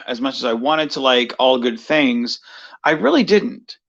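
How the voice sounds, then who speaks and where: A man's voice: medium pitch, expressive, a little slow, fairly bright tone, highs cut off. A man rambling through a casual personal monologue for his video, full of fillers and restarts. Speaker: vlogger.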